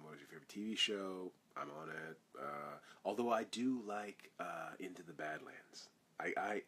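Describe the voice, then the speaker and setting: A man's voice: low-pitched, bright, forceful tone. A man, an actor, answering fan questions in a casual live Q&A, reading each question aloud and rambling through his answers.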